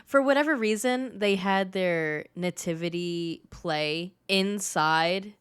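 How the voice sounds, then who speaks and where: A woman's voice: fairly low pitch, takes it slowly, clear, resonant tone. A young woman co-hosting a podcast while congested from a cold, chatting casually with dry, wry remarks. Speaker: podcast co-host. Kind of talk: casual chat.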